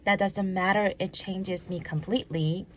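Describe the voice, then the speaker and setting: Leading the audience through drills and acting out examples, a woman who once worked in law enforcement presents a talk on body language. Her medium-pitched voice is fairly bright, with fairly even intonation and normal speed, against slight background noise.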